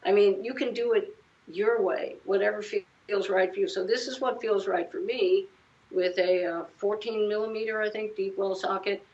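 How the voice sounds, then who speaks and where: A woman's voice: mid-range voice, steady tone, normal speed, darkish tone, muffled recording. A woman in her seventies, a guest musician, chatting casually in an interview and telling rambling anecdotes full of restarts. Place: living room at home.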